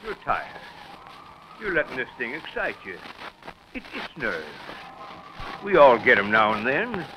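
An actor playing an aging, fatherly lighthouse keeper in an old radio drama, gruff but soothing. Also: mid-range voice, very animated, unhurried, pauses often, noisy background. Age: older.

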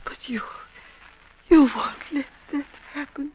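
An actress playing a frail, dying old aunt who speaks faintly and half in a whisper, in an old radio drama. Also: female voice, high-pitched, steady tone, takes it slowly. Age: older. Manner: faint, partly whispered, pleading. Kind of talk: 1930s radio drama acting. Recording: dull old radio recording with faint hiss.

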